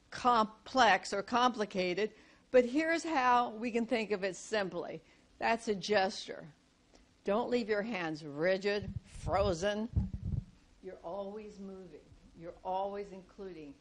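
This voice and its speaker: A woman's voice: a little high, a little hiss or hum. An older woman teaching presentation skills to a live audience, coaching directly with rhetorical questions and acted-out examples.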